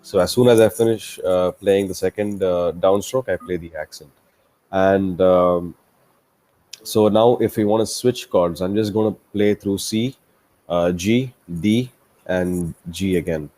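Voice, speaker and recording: A man's voice: low-pitched, unhurried, dark tone. A man teaching a one-to-one guitar lesson, patiently explaining a strumming pattern step by step and counting beats aloud. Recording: guitar playing throughout. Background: acoustic guitar playing.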